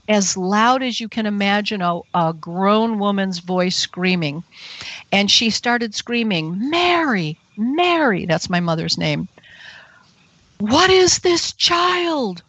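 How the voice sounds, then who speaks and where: A woman's voice: mid-range voice, takes it slowly, dry recording, low-quality recording. A woman in her fifties, a guest on a radio show, telling a story with animation and acting out the people in it. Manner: animated, acts out the voices of people in her stories.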